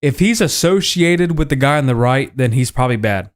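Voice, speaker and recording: A man's voice: mid-range voice, animated, fairly quick. A man calling in to heckle the host, crude and insulting, swearing often. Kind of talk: profane heckling rant.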